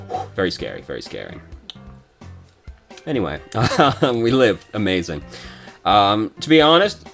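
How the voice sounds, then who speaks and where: Young male game reviewer, deep-ish casual voice, sweary play-by-play, faint music bed. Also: fairly bright tone. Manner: swears and rants when frustrated, quick asides. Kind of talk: casual gameplay commentary.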